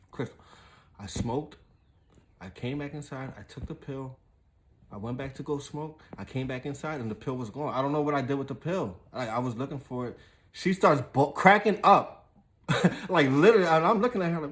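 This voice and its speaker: A man's voice: a little high, normal speed, fairly bright tone. Young man telling a loose profane story. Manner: loose and profane, with frequent fillers and laughs. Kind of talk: casual storytelling.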